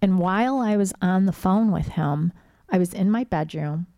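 A woman's voice: on the low side, moderate pace, warm tone, no room sound. A middle-aged woman telling a suspenseful story in casual chat, with a conversational pace and loose fillers.

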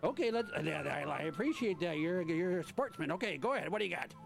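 A male radio host with a high, very gravelly voice talks in a loose, chatty way, tripping over restarts and laughing often. Soft music plays under him in the studio. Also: expressive, fast. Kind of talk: casual radio chat with a caller.

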